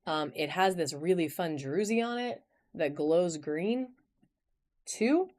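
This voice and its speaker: A woman hosts a phone-camera live-stream auction, greeting viewers by name and showing items in bubbly, chatty sales talk. Her voice is fairly low and darkish, and she speaks slowly.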